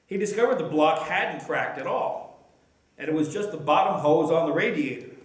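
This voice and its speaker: Pastor guy telling a christmas-style story, slightly high voice, lots of echo. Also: expressive, normal speed. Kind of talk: storytelling in a sermon. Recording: echoey room.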